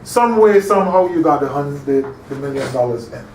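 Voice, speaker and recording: A male teacher runs an interactive lecture, often posing questions to his audience and confirming they follow along. His voice is a little high and a little mellow, expressive, and fairly quick. Audio has room echo, a distant mic, and a faint hum.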